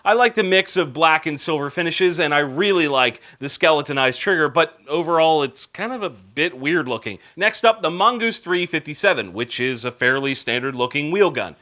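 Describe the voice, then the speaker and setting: A man with a high, bright voice hosting a scripted news show. He reads the items with wisecracking sarcasm and slides easily into indignant rants. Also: animated, normal speed, hardly any pauses.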